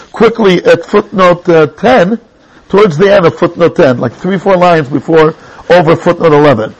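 Casting: male Torah teacher, high pitch, husky, chatty, mixes in Hebrew terms. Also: low-quality recording. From England. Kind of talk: classroom text lesson.

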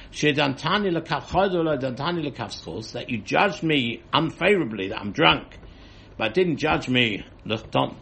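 A man's voice: medium pitch, gravelly, a bit bright. A man teaching a Talmud class, reading the text and explaining it line by line.

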